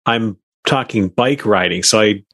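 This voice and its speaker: A man's voice: on the low side, measured pace, fairly bright tone. A man from Minnesota co-hosting a radio show, easygoing and self-deprecating in casual chat. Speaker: radio co-host.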